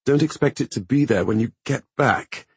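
A man's voice: mid-range voice, normal speed, darkish tone, breathy edge, no echo, pitched above the performer's own voice. A man voicing a weary, commanding woman leader. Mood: cool.

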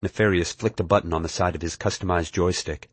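A man's voice: deep voice, steady tone, quick pace, slightly rough, no room sound. A man narrating an audiobook in the first person, telling the story expressively.

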